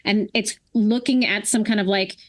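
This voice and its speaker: A woman's voice: medium pitch, fairly even intonation, moderate pace. A woman co-hosting a casual movie podcast, describing scenes with many fillers. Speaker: podcast co-host.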